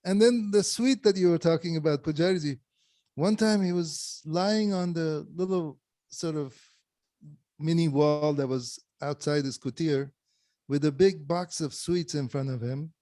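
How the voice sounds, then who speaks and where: A man's voice: a little high, unhurried, warm tone, dry recording. Laughing man telling stories on a video call. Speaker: satsang speaker. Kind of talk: casual storytelling.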